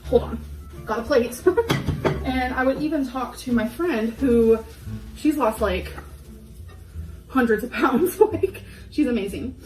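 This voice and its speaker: A young woman rambles through a candid confessional vlog, full of fillers and short laughs. Her voice sits slightly high and comes from a few steps off the mic. The room echoes, and soft music plays underneath. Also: unhurried, long pauses. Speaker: vlogger. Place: home kitchen. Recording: echoey room, voice a bit far from mic, faint background music.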